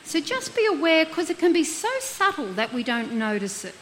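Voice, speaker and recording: A middle-aged woman speaks as a counsellor, with a fairly high voice. She talks earnestly, asking her listeners questions and walking them through everyday examples. A faint hiss sits under her voice. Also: big pitch swings, normal speed, a bit bright, poor audio. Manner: earnest, uses rhetorical questions and acted examples. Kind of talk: reflective talk on guilt.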